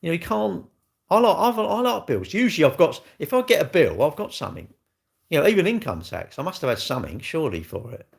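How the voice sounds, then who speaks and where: A man chatting live to his viewers at home, rambling and blunt, swearing freely and swinging from loud jokes to low grumbles. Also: very animated, quick pace, creaky. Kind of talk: casual live-stream chat. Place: at home, moving about near the kitchen. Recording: echoey room.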